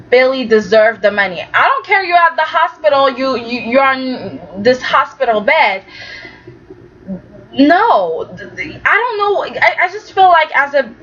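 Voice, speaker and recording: High-voiced chatty woman vlogger. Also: a bit bright, dull audio. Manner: chatty, opinionated, repeats "okay?" often. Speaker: soap opera vlogger. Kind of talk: casual review talk.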